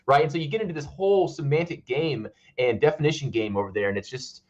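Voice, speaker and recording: A man's voice: medium pitch, quick pace, few pauses, dull audio. A man in a casual online voice chat, telling stories animatedly and acting out what others said to him. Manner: animated storyteller, acts out others' lines.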